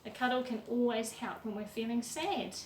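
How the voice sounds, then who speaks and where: A woman who leads a children's music session online, reading a picture book aloud in a sing-song, animated way, with gasps and questions for the little ones. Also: fairly high pitch, moderate pace, a little hiss or hum. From New Zealand.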